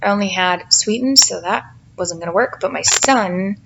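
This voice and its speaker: Woman, 30s, casual home cooking voice-over, rambling and self-mocking, slightly gravelly. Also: medium pitch, moderate pace, background noise. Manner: chatty, self-deprecating, rambling with fillers. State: tired, yawning. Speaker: cooking vlogger, mother. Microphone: home voice-over mic.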